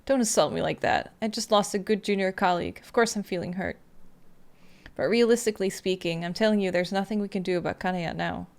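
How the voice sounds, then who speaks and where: A weary senior detective who speaks level and firm, keeping things subdued, read by a woman playing a mystery game. The voice stays calm, with little acting. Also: mid-range voice, fairly quick, close to an everyday voice.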